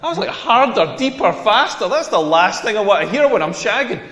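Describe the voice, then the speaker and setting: On a club stage, a man in his forties from rural Scotland delivers a crude, mocking comedy set in a brash manner. His voice is high, a bit bright and very animated, moving at a quick pace, and the venue's roomy acoustics add long reverb.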